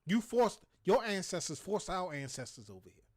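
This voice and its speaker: High-voiced man ranting with heat. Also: very animated, moderate pace. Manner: heated, profane, preachy. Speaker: show host. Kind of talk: impassioned livestream rant.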